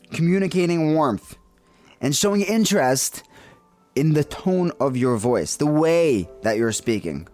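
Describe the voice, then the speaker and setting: A man's voice: mid-range voice, darkish tone. Earnest man teaching counseling skills. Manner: earnest, emphatic teaching with pauses and fillers. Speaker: counseling instructor. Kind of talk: instructional podcast talk.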